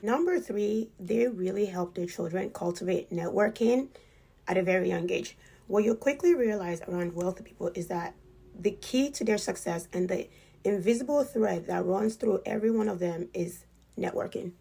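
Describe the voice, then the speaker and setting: Gravelly, husky-voiced woman telling stories. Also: medium pitch, moderate pace, mellow. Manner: chatty, leans heavily on "like" as a filler. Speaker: storyteller sharing experiences with a wealthy family. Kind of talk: casual storytelling.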